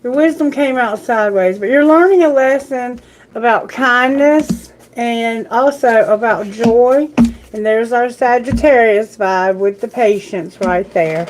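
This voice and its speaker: A woman's voice: a little high, noisy background. A woman hosting a live tarot reading, speaking earnestly and sympathetically to her viewers and to Spirit. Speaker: tarot reader.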